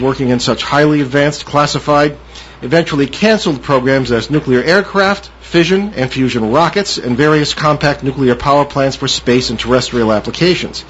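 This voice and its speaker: Older New man hosting radio. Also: a little high. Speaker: co-host. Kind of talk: radio talk show hosting. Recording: dull lo-fi radio audio with faint hiss.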